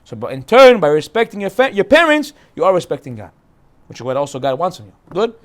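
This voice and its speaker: Animated rabbi a high voice. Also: male voice, fast. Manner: animated, jokey, acts out quoted voices. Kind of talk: casual Torah class.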